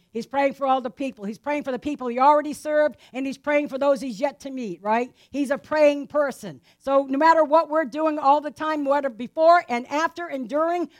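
A woman teaching a Bible passage in a casual, conversational sermon, often asking her listeners rhetorical questions and adding "right?" to her lines. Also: high-pitched. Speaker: preacher.

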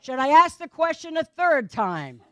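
A woman's voice: high-pitched, very animated, a little slow, no echo. A woman preacher giving a sermon in a conversational way, questioning the congregation with playful asides.

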